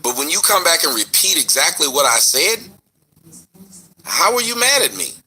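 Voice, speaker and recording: A man hosting his online show, answering a critic in an animated, rhetorical commentary rant. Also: a little high, normal speed, slightly rough. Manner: animated, rhetorical, mocking retorts.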